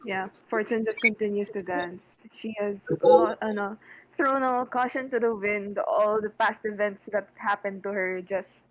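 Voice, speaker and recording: A woman's voice: medium pitch, fairly even intonation, unhurried, low-quality recording. Woman describing her character. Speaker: player.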